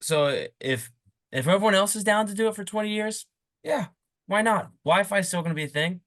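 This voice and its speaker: A man's voice: high voice, fairly bright tone. Young man, podcast co-host, easygoing and agreeable, casual chat. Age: young adult. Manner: laid-back, quick to laugh, agreeable.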